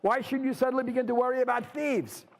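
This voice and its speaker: A man's voice: extremely high pitch, steady tone, fast, big-room sound, voice pushed up. A man reading a story aloud and voicing a poor, worried, wry old Jewish carter who talks to himself in exclamations and scolds himself. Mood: self-scolding.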